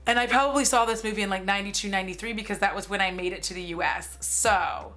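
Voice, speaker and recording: A woman's voice: mid-range voice, fast, bright, forceful tone, faint music behind. A woman in her forties giving a casual, sarcastic movie recap, with lots of "like" and some swearing. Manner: chatty and sarcastic, heavy use of "like", swears freely. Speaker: movie commentary streamer.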